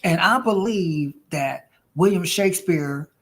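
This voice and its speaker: A woman's voice: fairly low pitch, measured pace. A woman hosting a casual livestream as an intuitive reader, chatty and playful, calling viewers honey and girl.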